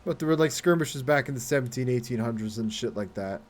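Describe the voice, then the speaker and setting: A man's voice: mid-range voice, animated, fast talker, a little hiss or hum. A man chatting casually while live-streaming a game, rambling, swearing freely and laughing often as he talks to his viewers.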